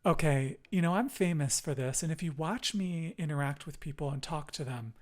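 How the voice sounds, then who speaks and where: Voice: medium pitch, moderate pace. A podcast host speaking in an affirming, encouraging and emotive way during a casual chat.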